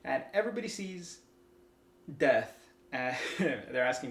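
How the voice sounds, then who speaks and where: A man's voice: medium pitch, big pitch swings, unhurried. A man giving an enthusiastic, rambling casual film review, full of fillers and restarts. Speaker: movie reviewer. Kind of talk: casual spoken movie review. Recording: echoey room.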